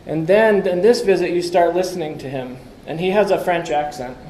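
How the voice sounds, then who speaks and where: A man's voice: high-pitched, normal speed, a little mellow, slight background noise. A man giving a conversational lecture with slides, asking the audience questions and tossing in wry asides. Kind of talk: conference talk with slides. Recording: echoey room, faint background ambience.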